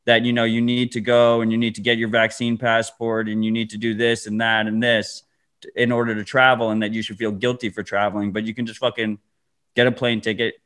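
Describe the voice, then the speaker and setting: A man's voice: lowish voice, level tone, brisk, fairly bright tone. A man co-hosting a podcast, chatting casually and ranting in a laid-back way. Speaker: podcast co-host. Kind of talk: casual chat.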